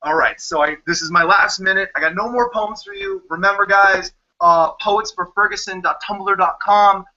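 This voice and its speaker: A man with a New Jersey accent performs spoken word poetry, his voice high and piercingly bright. His delivery is punchy and sardonic, peppered with profanity. The livestream audio is dull and lo-fi. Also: fairly even intonation, moderate pace, few pauses. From United States. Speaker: poet.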